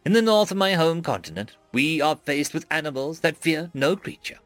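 A man's voice: fairly high pitch, lively intonation, moderate pace, a bit bright, no echo, faint music behind. A man voicing a nervous, polite human schoolgirl who talks in a hesitant, formal way. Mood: glum.

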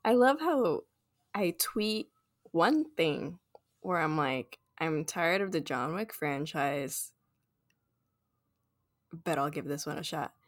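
A woman's voice: low-pitched, animated, slow, pauses often, no echo, clean studio sound. A woman co-hosting a casual film review chat, playful and blunt, often laughing. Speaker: podcast co-host.

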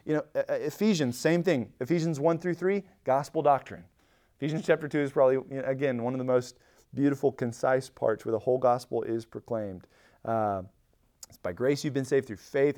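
A man teaching a church Bible study in a conversational way, animated, often restarting phrases and acting out quoted lines with rising emphasis. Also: mid-range voice.

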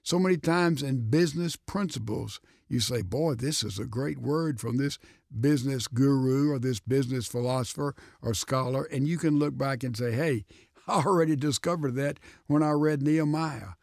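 A pastor answering a question in a radio studio, explaining in a measured way. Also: male voice, mid-range voice, gravelly, a little mellow, no echo.

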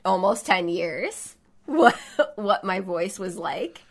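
A woman's voice: medium pitch, animated, takes it slowly. A woman co-hosting a podcast, talking in a reflective, thoughtful way. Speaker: podcast co-host and artist. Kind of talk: casual podcast chat.

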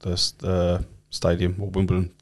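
A man talks in a loose, rambling way and swears often. His voice sits low. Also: completely flat delivery, moderate pace, a little mellow. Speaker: cab driver, podcast guest. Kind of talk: casual chat.

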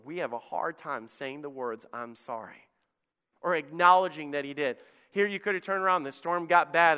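Male pastor, high and bright, fervent sermon delivery with big loud-soft swings, reverberant sanctuary sound. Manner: impassioned preaching, swings between loud and hushed. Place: church sanctuary. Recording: long reverb of a church hall.

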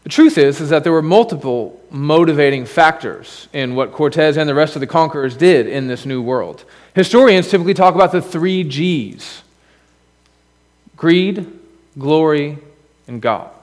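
A man's voice: fairly high pitch, in a large hall. A man preaching a sermon in a church as pastor, conversational, with asides and rhetorical questions. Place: church sanctuary.

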